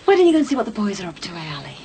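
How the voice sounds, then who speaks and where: An actress playing a brisk, chatty mother in a TV soap. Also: mid-range voice, wildly swooping pitch, mellow. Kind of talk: 1990s TV soap acting.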